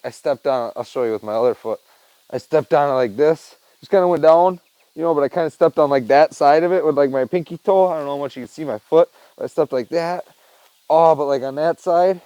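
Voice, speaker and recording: A man's voice: fairly high pitch, a little mellow, smooth, dry recording, low-quality recording. A man chatting loosely to his camera at home, rambling, swearing and laughing as he tells a story. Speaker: vlogger. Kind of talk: casual rambling chat to camera.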